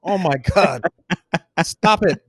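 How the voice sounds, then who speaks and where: A man's voice: sits high, animated, takes it slowly, slightly rough, no room sound. A young man with a New York accent, co-hosting a podcast and chiming in with short, laid-back quips. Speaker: podcast co-host. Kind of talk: casual podcast chat.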